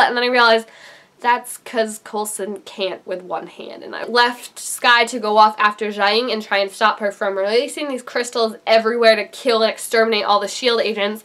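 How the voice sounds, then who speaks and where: Gushing woman with a high voice. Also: normal speed. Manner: animated and gushing, jumps high for emphasis. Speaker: TV reaction vlogger. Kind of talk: excited TV episode recap.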